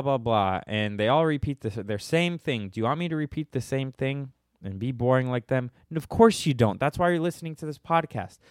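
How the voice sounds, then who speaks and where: A young man chatting casually as a podcast host, irreverent and quick to laugh at his own jokes. His voice sits in a middle register and is recorded close and dry, with no room sound around it. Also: mid-range voice, dry recording. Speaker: podcast host answering listener questions.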